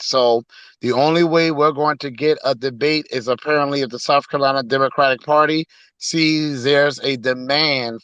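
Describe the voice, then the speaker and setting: A man's voice: mid-range voice, a bit bright, clear, resonant tone, dry recording, lo-fi sound. A man calling in to a talk show as a political candidate, speaking earnestly and urgently and repeating his points. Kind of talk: call-in guest talk.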